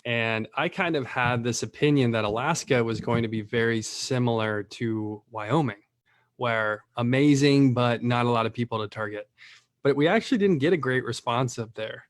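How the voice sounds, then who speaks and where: A man who runs a lead-generation business, chatting casually and telling rambling, animated stories full of fillers. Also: medium pitch, moderate pace, no echo, studio quality.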